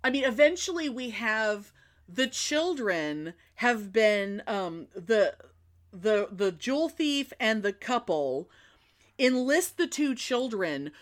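A woman chats casually about a film, animated and rambling, starting her sentences over as she goes. Her voice sits fairly high and swings widely in pitch. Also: takes it slowly. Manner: animated, rambling, with frequent restarts. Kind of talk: casual chat retelling a film.

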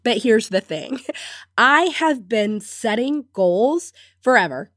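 A woman's voice: fairly high pitch, expressive, takes it slowly, fairly bright tone, no echo, clean studio sound. A woman hosting her own podcast while sick, congested and scratchy-voiced, talking in an upbeat way with frequent little laughs. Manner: upbeat, laughs often between phrases. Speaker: podcast host and business coach. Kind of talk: solo podcast talk.

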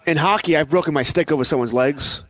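A man's voice: on the high side, quick pace, a bit bright, no echo. A man co-hosting a sports talk show, making wry jokes in casual banter. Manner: wry, joking.

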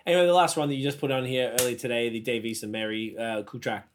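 A man in mid-pitched casual podcast chat, telling stories loosely and swearing freely. His delivery is animated and relaxed, bouncing between tangents. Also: fast, background noise. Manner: loose, profane, animated storytelling. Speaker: podcast co-host.

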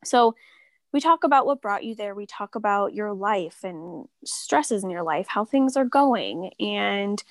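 A woman who practices Reiki talks casually and softly in an interview, with many filler words. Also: medium pitch, lively intonation, unhurried, no echo. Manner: soft-spoken, lots of filler words. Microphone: remote call.

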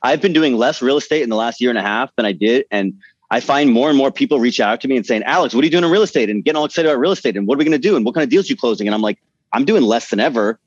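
A man's voice: medium pitch, lively intonation, very fast, no room sound. A man co-hosting an interview, earnestly asking long follow-up questions about his own experience. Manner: earnest, talks through his reasoning at length. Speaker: co-host. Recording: dry, dull lo-fi audio.

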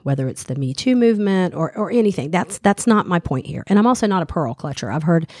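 A middle-aged Southern woman chatting on air with a co-host, her voice sitting on the low side for a woman. She talks in a loose, animated way, full of "you know" and restarts. The sound is close and dry, with no room around it. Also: quick pace, no echo. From American South. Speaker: radio co-host. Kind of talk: casual chat.

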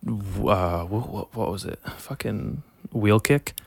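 A man with a fairly low voice talks in a loose, meandering way, cursing often and making fun of himself as he explains things. The sound is close and dry, with almost no room around it. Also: lively intonation, slow pace, gravelly, breathy edge, no room sound. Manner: rambling, profane, self-deprecating storyteller. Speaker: podcast co-host. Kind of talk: casual podcast chat.

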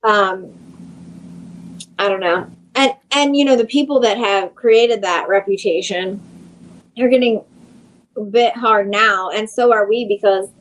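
Woman in car sales, mid-pitched, frank and candid in casual conversation. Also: measured pace, long pauses, rough recording. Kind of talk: casual chat.

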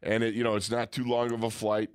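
A man's voice: fairly low pitch, little pitch movement, quick pace, smooth, no room sound. A man in casual chat with an easygoing manner, often tacking on "man".

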